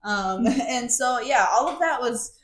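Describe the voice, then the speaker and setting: A woman with a high, bright-pitched voice animatedly recaps a book for her podcast, laughing often. Her voice bounces around a noticeably echoey room. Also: measured pace. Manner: animated, laughing, acts out quotes. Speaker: podcast co-host. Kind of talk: casual book recap chat.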